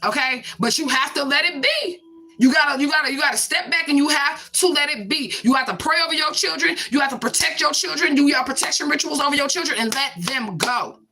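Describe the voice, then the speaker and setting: A woman delivers a casual spiritual card reading, blunt and emphatic, with frequent swearing. Her voice is bright and tense, pitched fairly high, and she hammers her points home with repeated catchphrases. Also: brisk.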